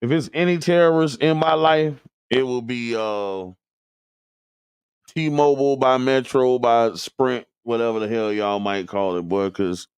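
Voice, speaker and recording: Here a Tampa Bay radio host speaks a little slowly in a smooth, mid-range voice, with no echo in the recording. On his community show he jokes around in casual chat addressed directly to his audience.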